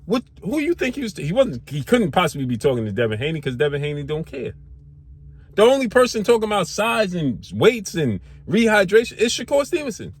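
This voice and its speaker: A man's voice: sits high, sing-song, brisk, breathy edge. A man hosting a sports channel, firing off rhetorical questions in a heated, slangy boxing commentary rant. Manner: slangy casual speech.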